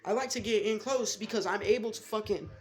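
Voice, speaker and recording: A man's voice: sits high, fairly quick. A young man in his late teens telling rambling, profane, slangy stories in a casual vlog from his bedroom. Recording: echoey room with music behind.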